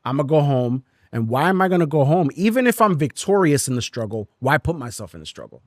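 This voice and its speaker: A man hosting a candid faith conversation, reflective and thoughtful, pausing to find his words. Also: a little high, big pitch swings, no echo, studio quality. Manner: reflective, thoughtful, with hesitant fillers. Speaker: podcast host.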